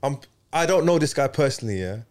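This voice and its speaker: A man hosting a casual podcast chat, animated and slangy, getting loud when excited. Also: mid-range voice, fast talker. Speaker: podcast host.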